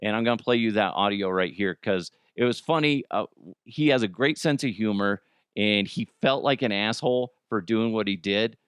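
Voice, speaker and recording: A podcast host talking in a casual comedic monologue, lurching from loud outbursts to mumbled asides, with a Cajun accent. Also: male voice, fairly low pitch, moderate pace, clean tone, no echo, studio quality.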